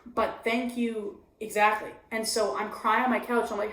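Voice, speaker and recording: Brisk and with few pauses, a woman comedian talks openly in an interview, her pitch medium. She animatedly performs her inner voice in a confessional manner. The room is echoey, with slight background noise.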